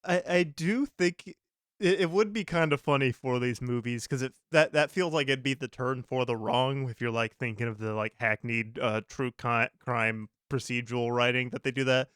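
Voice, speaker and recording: A man co-hosting a movie podcast, rambling loosely and laughing often between thoughts. His voice is smooth and clear, recorded close and dry with no room sound. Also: mid-range voice, normal speed, fairly bright tone, no room sound. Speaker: podcast co-host. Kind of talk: casual movie recap chat.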